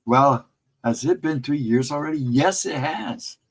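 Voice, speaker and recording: A man's voice: fairly high pitch, unhurried, breathy edge, rough recording. A man hosting a casual livestream chat, telling loose, rambling anecdotes and chuckling often as he talks to viewers. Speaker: livestream host chatting with viewers.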